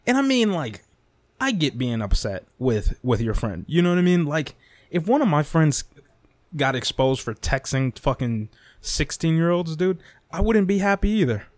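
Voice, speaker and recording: A man's voice: mid-range voice, darkish tone, no echo. A man hosting his podcast, ranting with heavy swearing and tagging lines with "dude" and "okay?", recorded close on a mic without a pop filter. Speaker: podcast host. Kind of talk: profane comedic rant. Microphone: close desk mic without pop filter.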